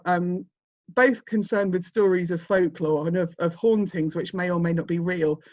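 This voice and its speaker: A woman's voice: fairly low pitch, darkish tone, dry recording. A woman, presenting her graphic novels in a chatty, self-deprecating way, with lots of restarts. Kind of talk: informal talk with slides. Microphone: video call. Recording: dry, lo-fi video call audio.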